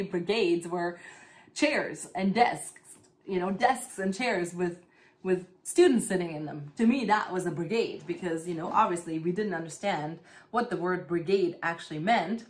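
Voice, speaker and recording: Her voice sits lowish and she talks at a moderate pace. The vlogger, an East German woman in her thirties, chats relaxedly to camera at home over her plant chores, full of laughter and fillers.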